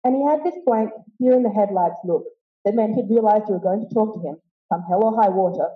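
A woman's voice: mid-range voice, fairly quick. A young woman giving a wry, vivid memorial speech full of stories. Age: young adult. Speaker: eulogy speaker. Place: woolshed hall. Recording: roomy, dull hall sound.

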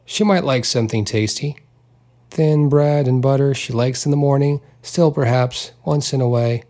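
A man reading a literary novel aloud as an audiobook narrator, in a measured, unhurried delivery with small touches of voice for the characters. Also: mid-range voice, mellow.

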